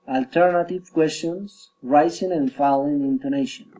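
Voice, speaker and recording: A man reading English pronunciation drills aloud, word by word, carefully and deliberately. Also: medium pitch, mellow, rough recording. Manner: careful, deliberate, each item spoken separately. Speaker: reader practicing English pronunciation. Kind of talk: slow reading of word lists and drill sentences.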